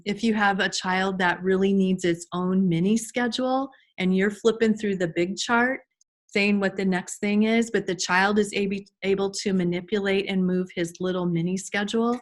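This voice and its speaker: A woman's voice: mid-range voice, fairly even intonation, normal speed. A woman giving an informal online class to teachers over a video call, chatty with frequent restarts and fillers. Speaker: early childhood trainer.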